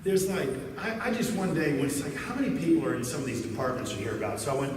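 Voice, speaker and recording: A man's voice: a little high, fast talker, hardly any pauses, slight background noise. A man giving a conference talk, a folksy storyteller who livens up in his jokes. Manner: folksy storyteller, animated in the joke. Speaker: conference speaker. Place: large conference hall. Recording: echoey hall from far off.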